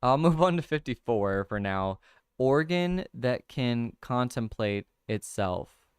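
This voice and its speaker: A young man casually hosting a livestream, thinking out loud over crossword clues, reading viewer comments and laughing often. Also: mid-range voice, expressive, slow, clean tone, no room sound, studio quality. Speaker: livestream host. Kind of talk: casual chat, solving a crossword with chat.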